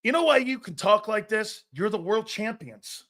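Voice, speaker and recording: A man's voice: sits high, lively intonation, normal speed, fairly bright tone. A man ranting in a heated, profane sports commentary, emphatic and fired up.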